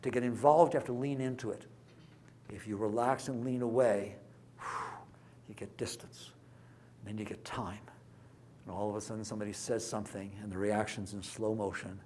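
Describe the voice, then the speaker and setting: A man giving a live lecture on mindfulness to an audience, conversational and full of rhetorical questions, swinging between hushed asides and loud emphatic bursts. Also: lowish voice, steady tone, normal speed, a little hiss or hum.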